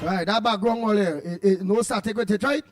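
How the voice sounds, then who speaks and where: A Trinidadian man hosting a morning radio show, rambling playfully with bursts of loud greetings. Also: high-pitched, a little fast, over music. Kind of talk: casual call-in radio chat.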